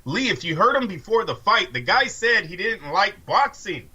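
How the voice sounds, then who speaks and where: A man's voice: high voice, very animated, normal speed, sharp tone, slightly rough, poor audio. A man co-hosting a casual sports talk show, talking boxing in an emphatic way. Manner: emphatic, addresses co-host by name. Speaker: podcast co-host.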